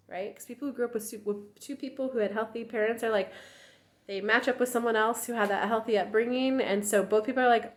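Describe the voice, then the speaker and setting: A woman in her thirties speaks candidly as a relationship coach, her pitch swinging up when she acts out quoted voices. The delivery is casual and direct, aimed at her viewers. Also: fast talker.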